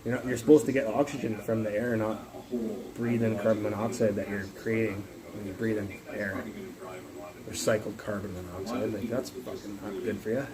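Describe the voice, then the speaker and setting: A man's voice: fairly low pitch, steady tone, normal speed, a crowd in the background, poor audio. A man livestreaming from his phone, ranting in a rambling, profane, casual way. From Canada.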